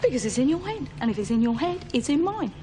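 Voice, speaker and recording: An actress playing a frantic human woman whose mind is overloaded with alien knowledge, babbling fast and then pleading. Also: high-pitched, sing-song, noisy background. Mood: babbling manic. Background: film score.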